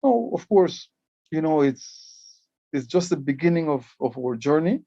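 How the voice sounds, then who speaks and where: A man's voice: on the high side, very animated, a little slow, warm tone, no echo, highs cut off. A man from Belize, giving an explanatory conference talk as a Maya writing educator, often repeating words as he starts a phrase. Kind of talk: conference presentation.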